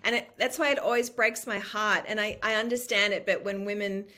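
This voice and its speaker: A woman in her fifties speaks in an Australian accent that has picked up a faint American lilt. She talks openly and animatedly as an interview guest, often restarting her sentences and breaking into laughter, and her voice has a bright edge. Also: medium pitch, steady tone, brisk. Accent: Australian with a slight American lilt. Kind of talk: casual conversational interview.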